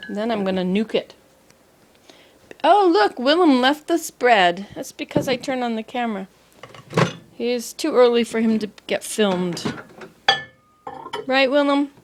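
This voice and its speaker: Woman, slightly high voice, chatty and meandering, outdoor garden, faint background hiss. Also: animated, a little slow, long pauses. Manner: chatty, meandering, talks to herself and the camera. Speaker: vlogger. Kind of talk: casual rambling vlog.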